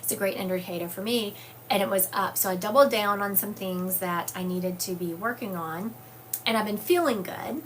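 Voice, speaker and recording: A woman's voice: medium pitch, normal speed, slight background noise. A woman hosting a psychic livestream, chatting casually and reading viewer comments aloud with frequent fillers. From US South. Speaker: psychic medium livestream host. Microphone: phone or webcam livestream.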